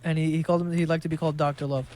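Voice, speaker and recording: A man's voice: fairly high pitch, racing, slight background noise. A young man from New York City chatting casually while he plays a game, telling stories with lots of swearing and laughter. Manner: profane, laughing, animated storytelling. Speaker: gaming streamer.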